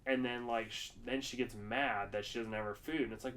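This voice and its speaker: Mid-range in pitch, with fairly even intonation and a slightly bright sound, this man talks a little fast against a faint hiss or hum. He's co-hosting a podcast, chatting casually and telling meandering stories peppered with fillers and swear words.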